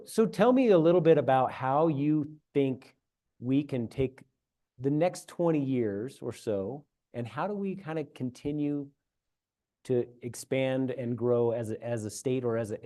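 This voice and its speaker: A man's voice: mid-range voice, measured pace, dark tone. A man interviewing a guest, asking questions in a joking, teasing way. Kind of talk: casual interview.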